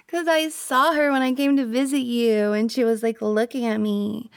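A woman's voice: on the high side, steady tone, measured pace, dry recording, clean studio sound. A young woman voicing a jealous, possessive girlfriend in an audio role-play, pouty and teasing, sometimes dropping to a whisper.

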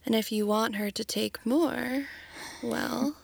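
A woman's voice: on the high side, steady tone, a little slow, gravelly, no room sound. A woman in a whispered role-play, talking in a teasing, coaxing way and often dropping to a whisper.

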